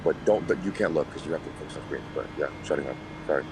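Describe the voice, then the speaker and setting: A man's voice: rumbling low, very fast, background noise. A man, streaming a racing game and chatting in a rambling, joking way. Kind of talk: casual stream banter.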